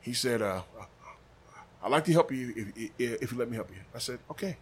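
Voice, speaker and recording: A man's voice: brisk, husky. A man from Des Moines telling a story casually, acting out quotes with big jumps in his voice. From Des Moines, Iowa. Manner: animated, acts out quotes with big pitch jumps. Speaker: barbecue sauce maker, podcast guest.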